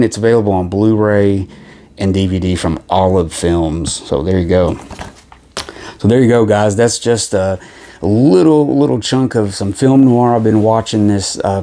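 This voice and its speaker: Man, deep voice, warm dark tone, casual movie chat, rambling with fillers. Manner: rambling, many fillers and restarts. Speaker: film collection vlogger.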